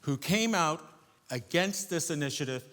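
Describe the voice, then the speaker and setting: A man's voice: a little high, normal speed. Older man telling a story on stage. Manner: animated, swinging between loud emphasis and hushed asides. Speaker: solo stage performer. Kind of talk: theatrical storytelling monologue. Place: theater stage before a live audience. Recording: echoey theater with long reverb.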